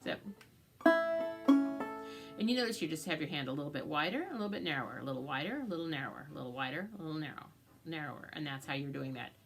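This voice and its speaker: With loud banjo music behind her, a woman races through a banjo lesson in a low voice with lively intonation. She still works step by step, patiently explaining strings and frets and chanting the picking rhythms.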